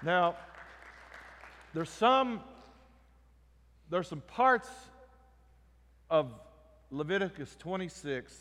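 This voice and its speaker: A man's voice: sits high, big pitch swings, drawn-out words, long pauses, a bit bright, a faint crowd. Emphatic preacher man, echoey hall. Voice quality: emphatic, rising and falling in volume. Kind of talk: sermon.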